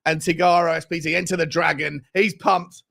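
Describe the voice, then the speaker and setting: A man hosting a fan show livestream, reading out viewer super chats with excitable, slangy banter. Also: a little high, brisk, gravelly.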